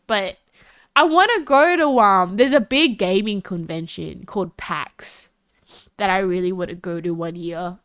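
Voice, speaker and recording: A woman with an Australian accent chats casually with her live stream audience, rambling and giggling with big jumps in pitch. Her voice is a bit bright and smooth, captured in a dry, studio-quality recording.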